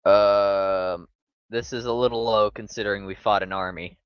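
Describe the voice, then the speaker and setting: A man's voice: on the low side, steady tone, normal speed, clear, resonant tone, no echo. A man playing a tabletop game, talking casually in a brash, joking way. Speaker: player. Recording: dull lo-fi sound.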